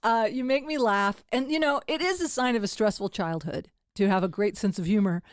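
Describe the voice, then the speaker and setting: A woman's voice: mid-range voice, brisk, no room sound, studio quality. An older woman hosting a comedy podcast at home, chatting casually and laughing often. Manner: laughs often, self-deprecating.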